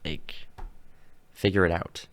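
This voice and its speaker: A man's voice: low voice, fairly even intonation, slow. A man hosting a sports podcast, talking casually in a rambling, opinionated, blunt way. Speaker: podcast host.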